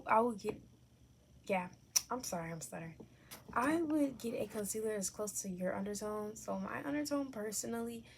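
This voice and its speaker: A young adult woman, a makeup vlogger, chats candidly through a makeup tutorial at home, correcting herself along the way. Her voice is medium-pitched and creaky, with a little hiss or hum in the recording.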